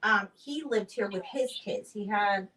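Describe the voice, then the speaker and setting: A chatty woman in her forties tells stories in a relaxed, casual way, acting out the voices of the people in them. She sits back from the mic, so her voice sounds a little distant in the room. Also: mid-range voice, measured pace, crowd noise. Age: 40s. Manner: chatty storyteller, acts out quotes. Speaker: building owner. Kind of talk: casual chat.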